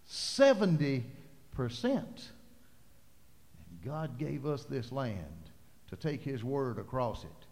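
A man's voice: medium pitch, expressive, slow, vocal fry, long pauses. Impassioned preacher, man, hall reverb. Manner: impassioned, rising to loud preaching cadence. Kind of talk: sermon.

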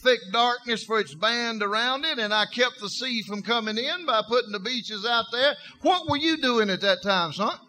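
Stern God figure, challenging, high bright tone, put on by a preacher. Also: male voice, normal speed, hardly any pauses, heavily acted. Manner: rhetorical, challenging questions. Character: stern, booming God questioning a man.

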